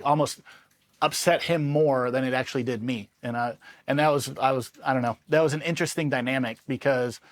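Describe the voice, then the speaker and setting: Man, 30s, from Los Angeles, ex-soldier. Casual, rambling storyteller, mid-range voice, drops in laughs. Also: medium pitch. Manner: loose and conversational, full of "like" and "you know what I mean", laughs often. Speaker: former Army Ranger telling war stories. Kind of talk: casual first-person storytelling.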